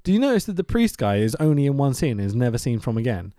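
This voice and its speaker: A man hosting a casual podcast, recapping a film in an animated, sweary rant full of laughs. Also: medium pitch, fast, dry recording, clean studio sound. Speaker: podcast host.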